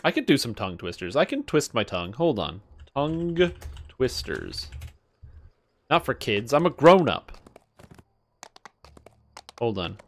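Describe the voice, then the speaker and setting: A man's voice: mid-range voice, very animated, normal speed, long pauses, a bit bright. A man streaming live, chatting casually with viewers and playfully stumbling through tongue twisters. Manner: playful, reads tongue twisters aloud, stumbles and laughs at himself.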